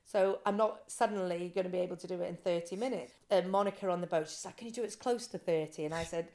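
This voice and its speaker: Lively woman telling a story. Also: on the low side, quick pace. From Britain. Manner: animated, acts out quoted voices. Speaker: guest, ice swimmer. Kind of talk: casual interview storytelling.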